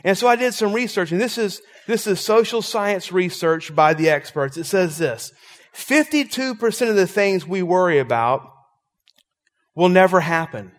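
A man's voice: high-pitched, normal speed, big-room sound. A man preaching a sermon as pastor, telling stories and making emphatic points to his congregation. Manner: storytelling, emphatic, animated preaching.

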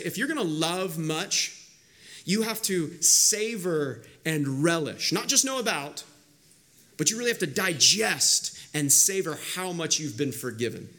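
A man with a fairly high voice delivers an earnest church sermon as the pastor. He speeds up for stories and slows right down to dwell on key words. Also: sharp tone. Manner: earnest, varies pace, slows to stress words. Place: church sanctuary.

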